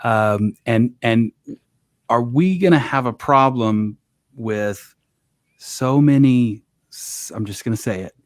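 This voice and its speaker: A man's voice: mid-range voice, slow pace, no room sound, studio quality. A man on a podcast panel, raising a blunt question with some hesitation. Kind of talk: casual panel chat.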